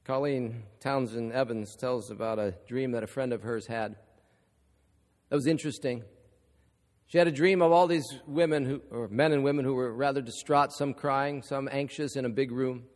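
A man's voice: mid-range voice, moderate pace. A middle-aged man preaching a sermon as pastor, emphatic and driving to calls for agreement. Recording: echoey hall.

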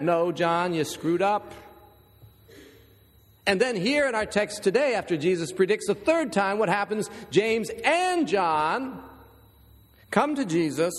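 A man preaching a sermon as pastor, reading scripture and telling stories with conversational asides to the congregation. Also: sits high. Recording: long reverb in a large hall.

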